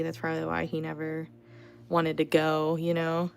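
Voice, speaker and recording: Low, gravelly-voiced chatty woman. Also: completely flat delivery, moderate pace, soft background music. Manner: chatty, heavy on fillers like "like" and "you know". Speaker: art livestream host. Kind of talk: casual livestream chat. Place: at home.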